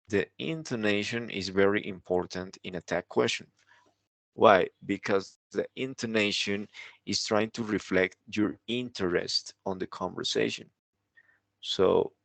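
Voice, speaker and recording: Taking his time, a male English teacher with a fairly low voice and a gravelly edge explains a grammar point, pausing often to ask the listener "right?". The recording is dry and close.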